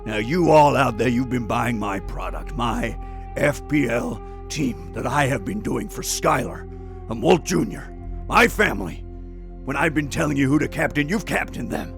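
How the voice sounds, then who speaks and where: A man voicing a menacing middle-aged male drug kingpin in a slow, self-important manner. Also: medium pitch, expressive, vocal fry, a bit bright, faint music behind, voice pushed down.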